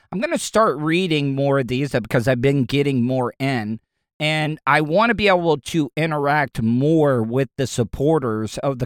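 Middle-aged male radio host from Florida; profane solo rant, stumbly; smooth tone, raised pitch. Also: a bit bright, no room sound, clean studio sound. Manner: ranting, profane, stumbles and repeats words.

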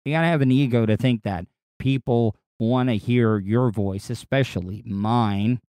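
Man, solo podcast host, unusual non-deep voice, warm dark tone, rambling and blunt, dry close sound. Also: moderate pace, clean tone, dry recording. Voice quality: distinctive voice that is not deep. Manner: rambling, crude and candid, with frequent restarts and swearing. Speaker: podcast host and radio personality. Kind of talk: casual solo podcast monologue.

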